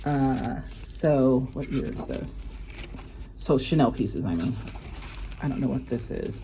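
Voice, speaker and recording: A woman's voice: a bass voice, lively intonation, takes it slowly, warm tone, slight background noise. A woman chatting casually at home as she unboxes luxury goods, gushing with gasps and exclamations.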